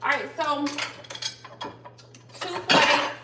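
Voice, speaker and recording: A woman's voice: high-pitched, fairly even intonation, drawn-out words, heavy background noise. A woman hosting a casual live cooking stream from her home kitchen, chatting to her viewers and calling out to them constantly as she cooks. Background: clatter of pots and dishes.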